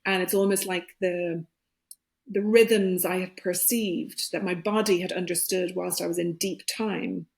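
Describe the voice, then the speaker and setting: A middle-aged woman, a podcast guest, telling a personal story in a reflective way, often pausing and restarting as she searches for words. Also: lowish voice, fairly even intonation, gravelly.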